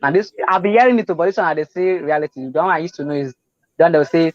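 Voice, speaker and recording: A high-pitched Nigerian man hosts the chat, gushing and repeating himself as he slips into pidgin. The recording is dull and dry, with no room sound. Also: racing, no room sound. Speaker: interview host. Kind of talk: casual interview chat.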